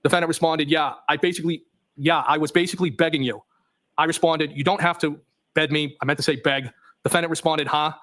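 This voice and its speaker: A man's voice: fairly high pitch, steady tone, quick pace, fairly bright tone. Man reading texts on the witness stand. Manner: reads plainly, voicing punctuation marks. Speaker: trial witness. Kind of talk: reading text messages aloud on the stand. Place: courtroom.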